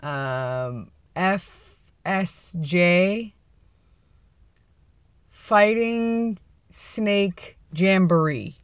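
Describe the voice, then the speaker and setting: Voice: mid-range voice, drawn-out words, pauses often, smooth, no echo, clean studio sound. A vlogger chatting casually and playfully from inside a parked car, rambling and laughing at their own jokes. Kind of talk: casual chat.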